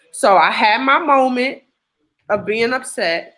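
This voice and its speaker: A woman giving an emotional personal testimony, animated and acting out what others said to her. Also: fairly high pitch, a little slow. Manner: animated storyteller acting out quoted dialogue. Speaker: testimony guest.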